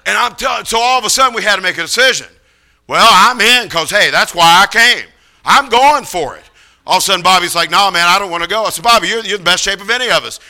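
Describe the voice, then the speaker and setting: A middle-aged man preaching, telling a story with lively acted-out voices of the people in it. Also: sits high, fast. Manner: animated, acts out voices of others in the story. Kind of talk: sermon storytelling.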